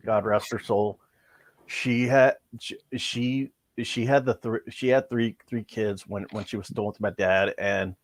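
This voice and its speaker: Brief: low-pitched man, halting delivery full of restarts, dry close recording. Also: no echo. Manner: halting, restarts and repeats words. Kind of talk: casual chat.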